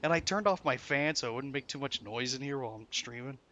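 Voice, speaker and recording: Young male streamer, bright voice, swears a lot while ranting to chat. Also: mid-range voice, quick pace, highs cut off. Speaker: game streamer. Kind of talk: frustrated live-stream commentary. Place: home room while streaming.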